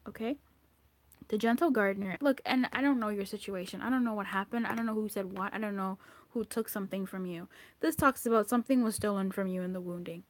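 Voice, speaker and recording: A woman's voice: medium pitch, fairly quick, no room sound. Blunt, profane woman tarot reader. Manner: blunt and profane, exasperated scolding. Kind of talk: intuitive card reading.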